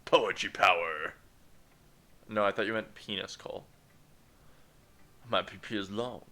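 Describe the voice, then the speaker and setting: A man's voice: on the low side, little pitch movement, pushed and bright. A man streamer reading a visual novel aloud with voices, joking and playful. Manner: joking, playful, quick to laugh.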